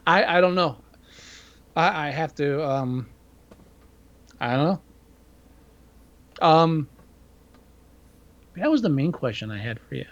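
Swearing guy rambling about direct-to-video horror, kinda high voice, muffled lo-fi sound. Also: expressive, slow, long pauses. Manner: profane, rambling, opinionated. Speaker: podcast co-host. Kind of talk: casual movie review chat.

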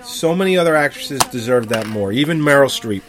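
A man's voice: medium pitch, animated, fairly quick. A man in his thirties chatting casually as co-host, blunt and profane, often laughing. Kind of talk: casual chat.

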